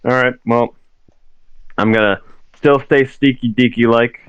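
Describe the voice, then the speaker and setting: A man's voice: medium pitch, fairly even intonation, unhurried, smooth, no room sound. A man playing a tabletop game, joking and hesitant as he declares actions. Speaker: player. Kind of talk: casual tabletop play. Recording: dull lo-fi dry audio.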